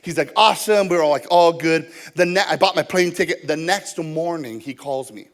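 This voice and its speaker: A male pastor with a high voice delivers a sermon. He tells personal stories and acts out both sides of the conversations as he preaches. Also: normal speed.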